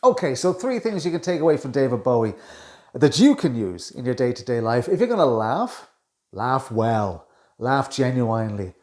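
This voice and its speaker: A man, a communication coach, giving casual reaction commentary with quick asides. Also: medium pitch, very animated, darkish tone. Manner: chatty, with quick asides and self-corrections. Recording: echoey room.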